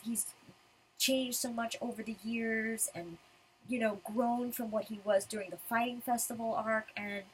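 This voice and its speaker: A woman's voice: medium pitch, a little hiss or hum, rough recording. A woman giving casual commentary as a manga reviewer, ranting in frustration.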